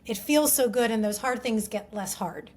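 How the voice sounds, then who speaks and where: A woman appears as a guest coach on a podcast, explaining ideas through personal anecdotes. Her voice sits somewhat high, and she talks earnestly and reflectively, peppering her sentences with "like". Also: moderate pace, a little mellow, a little hiss or hum. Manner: earnest, reflective, storytelling with many "like" fillers. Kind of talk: casual interview chat.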